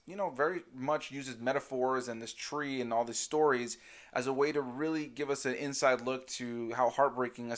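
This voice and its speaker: A man hosting a movie review channel, earnest and measured in casual chat. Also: medium pitch, a bit bright.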